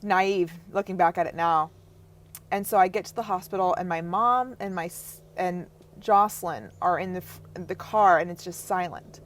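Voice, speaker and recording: Young woman telling a painful story haltingly. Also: lowish voice. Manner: halting, breaks off and restarts, voice drops to near whisper at times. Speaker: podcast guest. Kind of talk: emotional personal storytelling.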